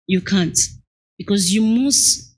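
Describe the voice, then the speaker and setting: A woman's voice: mid-range voice, slow pace, darkish tone. A young adult woman with a Nigerian accent, talking candidly as an interview guest about her business. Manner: candid and earnest, acts out clients' lines. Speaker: guest entrepreneur. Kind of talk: conversational interview.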